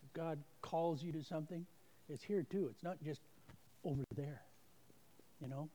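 A man with a slightly high, warm voice shares a homespun testimony at a church service that's being streamed online. Speaking at a moderate pace, he pokes fun at himself and performs the quoted voices in his anecdotes.

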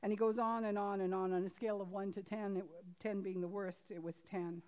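Reading a story from a book as part of her sermon, a woman speaks earnestly, stumbling and restarting again and again. Her medium-pitched voice holds a steady tone while her volume shifts from forceful emphasis to a quiet hush.

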